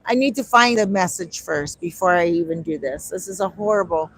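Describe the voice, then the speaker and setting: Recorded on a phone outdoors, a woman tells lively stories on a street, playing out both sides of conversations. She speaks a little fast in a fairly low voice, with no echo but low-quality audio.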